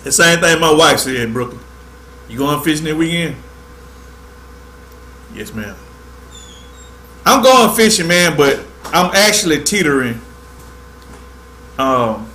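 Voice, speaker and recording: A man hosts a fishing livestream in a relaxed, drawling chat, tossing "man" into every other phrase. His voice sits fairly high for a man, and it carries a roomy echo. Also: measured pace, long pauses, slight background noise. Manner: laid-back, drawling, peppers speech with "man". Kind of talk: casual livestream tutorial.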